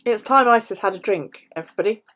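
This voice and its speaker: A woman's voice: mid-range voice, fast, a bit bright. Chatty, swearing British woman. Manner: chatty, swears freely, laughs often. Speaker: planner vlogger. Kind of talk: casual chat to live viewers.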